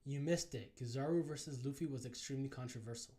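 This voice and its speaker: A young man hosting a live comic readthrough, reacting in casual, excited chat. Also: medium pitch, fast, slightly rough. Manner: casual, excited, says bro. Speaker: reaction video host.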